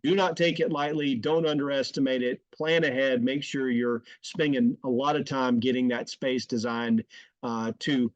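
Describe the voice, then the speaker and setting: A man's voice: mid-range voice, steady tone, normal speed, no room sound, dull audio. A man giving casual kitchen design tips to camera, friendly and full of fillers and restarted phrases. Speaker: home builder presenting design tips. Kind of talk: casual instructional talk to camera.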